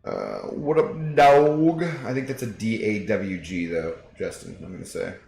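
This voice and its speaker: Lower-voiced man chatting on a game stream. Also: huge pitch swings, normal speed, gravelly, reverberant, soft background music. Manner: chatty, joking, reads chat aloud. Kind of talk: casual live-stream chat with viewers.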